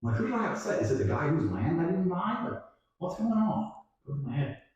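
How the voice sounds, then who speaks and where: A man telling a story in casual chat, profane and animated, acting out other people's lines. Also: high-pitched, fast, dull audio. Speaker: guest storyteller. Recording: echoey room, distant mic.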